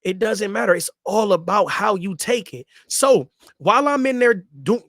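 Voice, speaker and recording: High-voiced man telling stories in slang. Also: big pitch swings, measured pace, fairly bright tone, no echo, clean studio sound. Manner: loose street slang, repeats himself for emphasis. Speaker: host telling his story. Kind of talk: casual storytelling.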